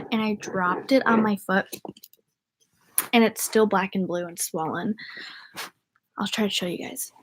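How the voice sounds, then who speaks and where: A woman's voice: a little high, slight background noise. A young woman from the northern United States chatting casually to viewers on a livestream, rambling and giggly. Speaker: vlogger.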